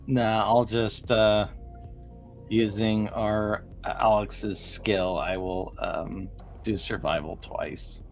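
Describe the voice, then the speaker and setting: A man taking his turn as a player in a streamed tabletop game, reporting his dice and asking about items. He speaks slowly and fairly low, pausing on fillers, with faint music in the background. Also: steady tone. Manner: unhurried, hesitant with fillers.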